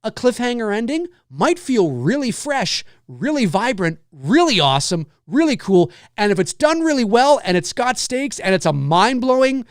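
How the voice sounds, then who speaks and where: Animated high-voiced man hosting a talk show. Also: normal speed, few pauses, dry recording, studio quality. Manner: animated, swears, acts out excited reactions. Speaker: host of a horror film talk show. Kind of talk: casual solo commentary.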